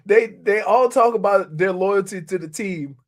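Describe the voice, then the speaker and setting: A man with a high voice argues sports on the radio. He needles his co-host and keeps pressing his point in loose banter. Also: normal speed. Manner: needling, argumentative. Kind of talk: casual sports talk banter.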